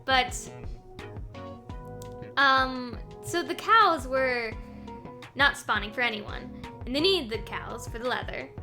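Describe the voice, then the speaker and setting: Bright higher-voiced girl streamer rambling about a game, lots of ums, faint music behind. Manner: rambling, with many ums and little laughs. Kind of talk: casual chat recapping a game series. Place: home streaming setup.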